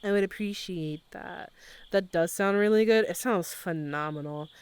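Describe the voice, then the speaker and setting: A woman's voice: fairly low pitch, moderate pace, a little mellow, smooth. A young adult woman streamer chatting casually with her live chat, using lots of slang and laughing often.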